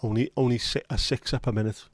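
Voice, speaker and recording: A man's voice: mid-range voice, steady tone, fast, no room sound. A man hosting a casual livestream chat, rambling and reading out viewer comments. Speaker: livestream host.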